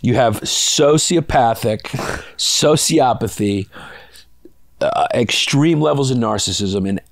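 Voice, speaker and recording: In a casual interview, a male comedian from Brooklyn, New York tells profane, meandering stories, laughing as he goes. His voice is mid-range and his pace slow. The studio-quality audio has no room sound.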